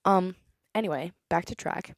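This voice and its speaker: A teenage girl talks through her own podcast in a chatty, opinionated way. Her voice sits a little low for a woman. The recording is dry and close, with no room sound around her. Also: normal speed, no echo. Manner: chatty, opinionated, breaks into song. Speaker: podcast host. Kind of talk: casual solo podcast monologue.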